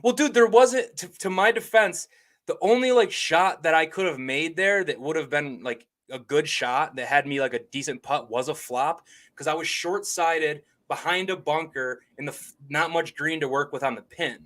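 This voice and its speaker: Excitable young man telling golf stories. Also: a little high, moderate pace. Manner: excitable storyteller, swears freely, acts out quotes. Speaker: podcast co-host. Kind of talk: casual golf podcast chat.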